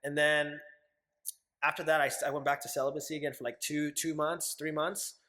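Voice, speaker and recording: A man's voice: on the high side, level tone, brisk, pushed and bright. Candid young man telling stories. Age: 20s. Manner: candid, acts out his own past quotes, swears freely. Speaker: podcast guest. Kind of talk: casual storytelling interview.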